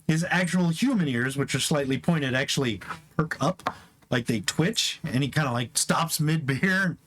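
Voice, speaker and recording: Give me a man running a tabletop game, steady mid-range voice and faint background noise. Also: medium pitch. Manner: explains rules patiently, with restarts. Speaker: game master.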